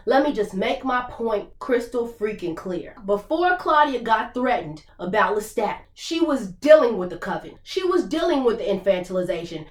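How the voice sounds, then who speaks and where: A woman hosting a reaction video, ranting in a heated, profane, animated way. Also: high-pitched. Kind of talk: TV episode reaction rant. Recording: echoey room.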